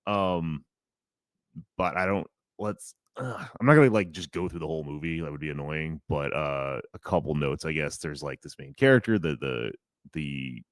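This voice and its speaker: A podcast co-host rambles loosely through a movie recap in casual chat, using lots of fillers and restarts. His voice sits low, and the recording is dry.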